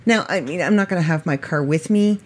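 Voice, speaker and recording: A middle-aged woman with a low voice, hosting a podcast in a chatty, self-mocking way and laughing often. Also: fairly quick. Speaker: podcast host. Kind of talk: casual podcast monologue.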